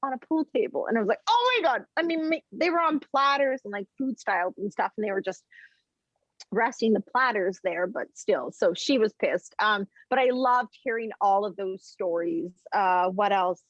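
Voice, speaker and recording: Woman podcast guest, chatty, rambling storyteller, laughs often, mid-pitched voice, dry and dull recording. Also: normal speed, dry recording. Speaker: podcast guest, chef and food journalist. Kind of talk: casual podcast chat.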